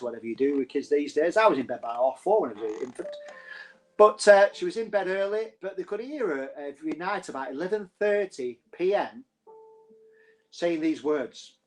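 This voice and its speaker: A man's voice: fairly high pitch, brisk, soft background music. Chatty northern English man telling ghost stories. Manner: chatty, jokey, laughs often. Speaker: host. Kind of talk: live-streamed ghost storytelling.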